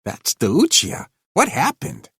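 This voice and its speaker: A man's voice: on the high side, wildly swooping pitch, moderate pace, a bit bright, slightly rough, dry recording, clean studio sound, voice pushed up, exaggerated voice. A man voicing an eager, incredulous young stage technician.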